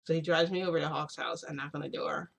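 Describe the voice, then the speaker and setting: A woman's voice: low-pitched, fairly even intonation, quick pace, gravelly. Rambling young woman telling a story. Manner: rambling, filler-heavy, laughs often. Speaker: vlogger. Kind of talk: casual storytelling to viewers.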